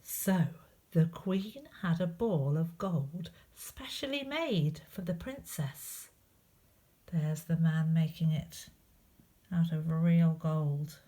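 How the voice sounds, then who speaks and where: A woman reading a picture book aloud to children, expressive, with chatty asides to young listeners. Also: low voice, slow. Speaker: storyteller.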